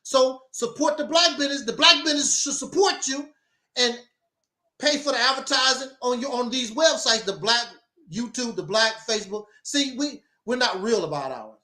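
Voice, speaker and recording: A man with a strikingly high, bright voice preaches emphatically through a talk-show monologue. He drops mocking asides as he builds his points. The sound is roomy and echoey. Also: animated, moderate pace. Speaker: host.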